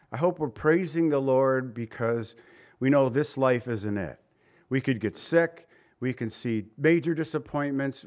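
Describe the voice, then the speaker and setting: A male pastor preaching a conversational sermon, mixing quips with scripture reading. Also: on the high side.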